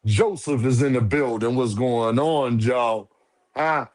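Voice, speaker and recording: A man hosting a casual livestream, firing off lively, repetitive shout-outs to viewers with slangy banter. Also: medium pitch, slow pace. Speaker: livestream host.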